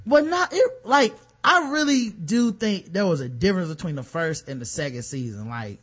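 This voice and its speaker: A man co-hosting a podcast in casual chat, animated and full of fillers. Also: high-pitched, moderate pace. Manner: animated, lots of fillers and put-on voices in stories. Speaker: podcast co-host.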